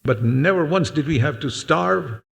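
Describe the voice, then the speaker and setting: An older man delivers an earnest sermon with a gravelly, creaky voice. He leans hard on key words and repeats them, and at times turns to speak straight to the children. His words ring with a long reverb through a church hall. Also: on the high side, lively intonation, normal speed. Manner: speaks directly to children in the congregation. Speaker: preacher.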